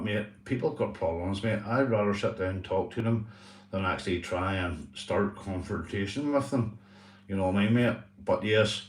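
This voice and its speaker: Man, low voice, earnest rambling livestream chat, echoey room, distant mic with faint hum. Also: darkish tone. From Northern Ireland. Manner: repetitive, earnest, swears and says "mate" often. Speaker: livestream host.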